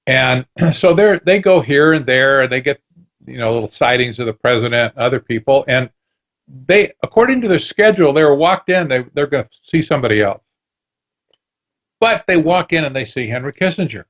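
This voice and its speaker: A male guest author on a radio interview tells animated stories and acts out snippets of dialogue. He speaks fairly quickly at medium pitch, and the audio's highs are cut off.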